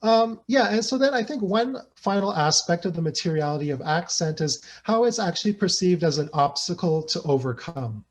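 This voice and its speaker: A man's voice: high-pitched, expressive, normal speed, few pauses. A man giving an academic presentation over a video call, conversational, with hesitations and frequent "right?" tags. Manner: thinks aloud with hesitations. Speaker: guest researcher presenting.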